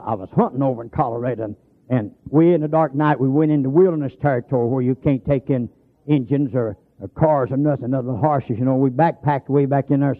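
A man preaching a sermon, telling folksy stories and stretching out emphatic lines. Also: mid-range voice. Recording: tinny lo-fi broadcast sound.

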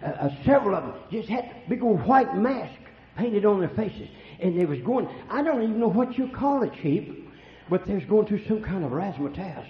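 An older man preaching a sermon, telling folksy stories and swinging between hushed and loud lines. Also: high-pitched, very animated, normal speed. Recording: echoey room, dull lo-fi sound.

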